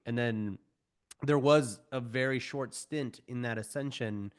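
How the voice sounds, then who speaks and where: A man's voice: mid-range voice, a little slow, clean tone. A man in his thirties, a podcast guest, talking casually and animatedly, acting out the voices of people in his stories with self-deprecating humor. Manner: animated, self-deprecating storyteller who acts out quoted voices. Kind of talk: podcast interview.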